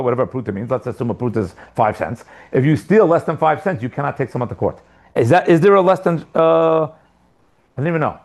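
A man teaching a religious text class, reading passages and thinking aloud with lots of rhetorical questions. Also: mid-range voice. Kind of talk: lesson with text study. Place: living outside America.

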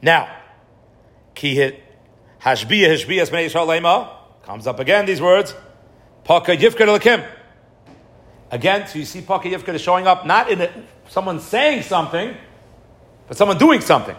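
Man, Torah lecture, animated, asks and answers his own questions, slightly high voice. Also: moderate pace, long pauses. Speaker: Torah teacher.

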